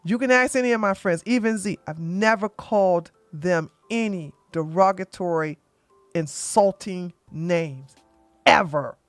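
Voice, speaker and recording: A woman hosting an opinionated commentary show, talking bluntly and emphatically, often tagging points with "okay?" and getting loud when she acts out arguments. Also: on the low side, unhurried, no room sound, soft background music. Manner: gets loud and animated when acting out arguments. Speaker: commentary channel host.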